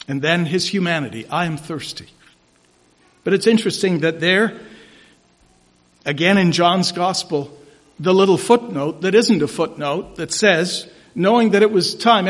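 A man preaching a sermon as pastor, emphatic and rising to loud declarations, in a church sanctuary. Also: sits high. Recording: church hall reverb.

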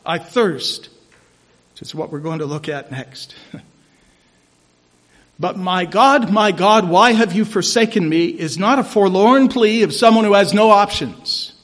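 A man preaching a sermon as pastor, emphatic and rising to loud declarations, in a church sanctuary. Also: sits high. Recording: church hall reverb.

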